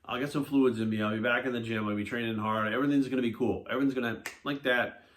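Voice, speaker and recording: Fast-talking, profane fitness coach. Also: male voice, medium pitch, a little hiss or hum. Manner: blunt, swears often, animated storytelling. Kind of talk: casual monologue to camera.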